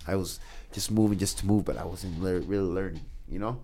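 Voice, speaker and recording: Man, low voice, emphatic, profane, casual podcast chat. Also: a little fast, creaky, mellow. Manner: intense, heavy swearing, emphatic storytelling. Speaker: podcast guest.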